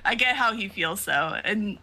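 In a relaxed podcast conversation recapping a comic, this co-host talks at an ordinary pace with a mid-range voice. She's lively, quick to laugh, and doesn't hold back on swearing.

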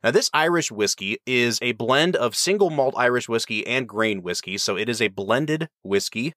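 A man's voice: mid-range voice, expressive, normal speed, sharp tone, dry recording, studio quality. A man hosting a whiskey review, explaining and chatting in an enthusiastic, rambling way. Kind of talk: casual review chat.

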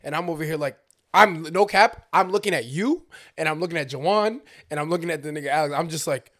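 Fast-talking young man telling stories. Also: on the high side. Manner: animated, acts out voices in his stories, slangy. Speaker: basketball player. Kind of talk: casual storytelling chat.

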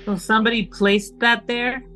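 A woman's voice: fairly high pitch, little pitch movement, moderate pace, pushed and bright, faint music behind. A female podcast co-host in casual chat, cutting in with incredulous banter.

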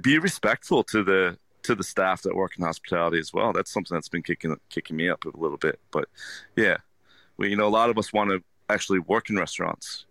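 A man, a restaurant owner, talking earnestly in an interview, halting with many restarts. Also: low-pitched, gravelly, a bit bright, no echo. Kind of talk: casual interview talk.

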